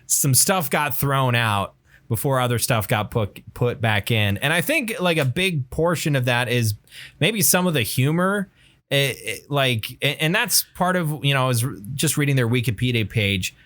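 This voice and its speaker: Casual male podcast co-host, halting and full of fillers, average pitch. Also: animated, a bit bright. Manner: rambling, halting, many fillers and restarts. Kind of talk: casual chat about music.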